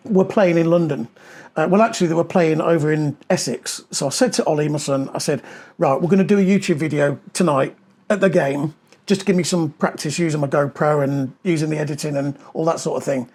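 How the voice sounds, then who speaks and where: A middle-aged man with a notably high speaking voice, chatting easily in a podcast and spinning long stories full of ums. He talks into a clip-on mic that picks up a little clothing rustle. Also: a little fast, a little mellow, slightly rough. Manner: chatty storyteller, many ums. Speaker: podcast co-host. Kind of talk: casual podcast chat.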